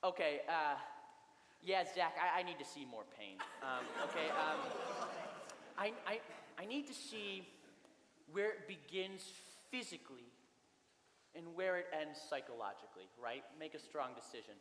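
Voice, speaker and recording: A young man on a school stage playing a pretentious, stammering high-school drama director who patronizes his students. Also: expressive, moderate pace, natural voice. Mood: pompous. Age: young adult. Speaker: drama teacher character in a school play. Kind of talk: stage comedy acting. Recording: echoey school auditorium, faint room noise.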